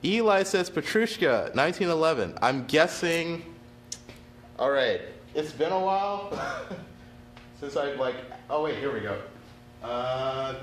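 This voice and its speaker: A man's voice: mid-range voice, echoey room, a little hiss or hum. A man teaching on a casual livestream, chatty and laid-back, laughing often and apologizing freely. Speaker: percussion instructor on a livestream.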